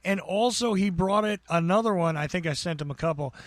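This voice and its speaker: Man, New Jersey accent, higher-pitched voice, rambling podcast co-host who laughs often. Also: a little fast, no echo. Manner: chatty, rambling, laughs as he talks. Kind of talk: casual chat.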